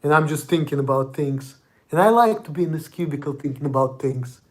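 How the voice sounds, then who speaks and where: A young man from Russia, a vlogger, speaks with a Russian accent in a slightly high, animated voice at a fairly quick pace. His monologue is an angry, profane, confrontational rant.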